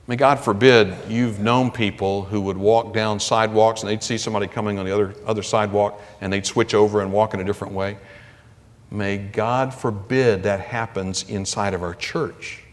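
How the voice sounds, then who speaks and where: Male pastor, mid-pitched, emphatic sermon delivery, church hall with long reverb. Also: lively intonation, moderate pace. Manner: emphatic, rising to loud scripture readings. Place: church sanctuary.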